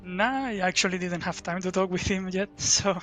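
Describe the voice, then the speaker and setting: A man's voice: sits high, normal speed, fairly bright tone, faint music behind. A young man, a pro player chatting playfully in a post-match interview, laughing and trash-talking. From Spain. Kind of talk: relaxed post-match chat.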